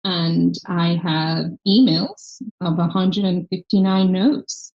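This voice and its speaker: Low-ish voiced woman, faded irish accent, earnest storyteller on a podcast, kinda dull lo-fi sound. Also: fairly even intonation, slow, a little mellow. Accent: softened Irish. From Ireland. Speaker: guest, health tech founder. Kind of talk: podcast interview.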